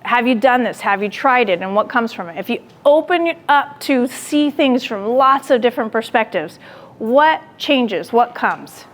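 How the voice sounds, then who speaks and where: Woman lecturing with animated storytelling. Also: a little high, a little slow. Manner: animated storytelling, acting out her own quoted lines; asks the audience direct questions. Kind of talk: classroom lecture with personal story.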